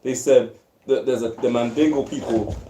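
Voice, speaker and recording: A man's voice: mid-range voice, steady tone, moderate pace, mellow, a little hiss or hum. A man in a heated casual religious debate, talking emphatically, swearing and repeating himself. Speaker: discussion participant. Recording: echoey room.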